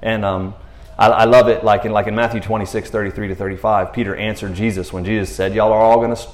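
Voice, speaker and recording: A man talking casually about scripture in a laid-back, slangy way, retelling stories with lively asides. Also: fairly low pitch, quick pace. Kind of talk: casual faith talk. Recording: roomy echo.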